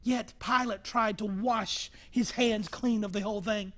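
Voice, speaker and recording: High-voiced emphatic male preacher. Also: steady tone, a little slow. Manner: emphatic, rising to shouts on key phrases. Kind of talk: sermon.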